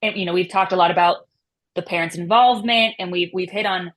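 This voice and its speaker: A woman's voice: fairly low pitch, steady tone, fairly quick, a bit bright. A woman moderating a webinar panel, asking questions in a conversational way.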